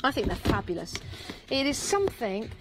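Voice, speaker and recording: A woman's voice: on the high side, big pitch swings, a little fast, over loud music. A woman with an English Midlands or Northern accent presenting on a live shopping channel in a TV studio, chatty and upbeat, repeating prices and counts for emphasis. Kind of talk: live TV product selling.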